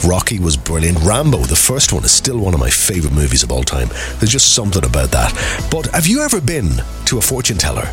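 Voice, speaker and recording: Cynical guy radio host, lowish voice that swings all over, faint music behind. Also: wildly swooping pitch, quick pace. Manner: wry, cynical storytelling. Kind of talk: casual radio chat.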